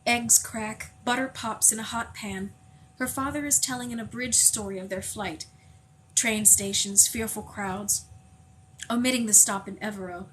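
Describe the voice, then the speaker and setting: A woman reading a novel aloud in a measured, unhurried way, slowing on vivid passages. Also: fairly high pitch, fairly even intonation, fairly bright tone, slight background noise, poor audio. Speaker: audiobook reader.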